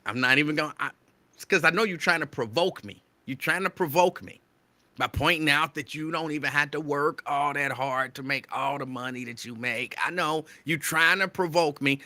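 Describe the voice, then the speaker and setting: Radio host, male, excitable near-yelling delivery, very bright voice, dry close mic. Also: a little high, normal speed, no room sound. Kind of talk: live show shout-outs to listeners.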